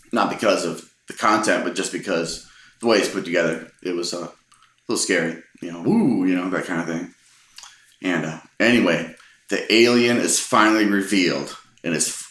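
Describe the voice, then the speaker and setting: Deep-voiced man rambling through an anecdote. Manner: relaxed, amused, rambling with restarts. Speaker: storyteller. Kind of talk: casual personal anecdote. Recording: roomy echo.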